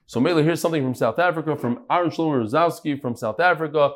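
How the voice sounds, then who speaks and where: A man leading a daily Talmud class in front of a live audience, reading out messages and joking with the room in an animated way. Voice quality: animated, jokey, quick shifts in pitch.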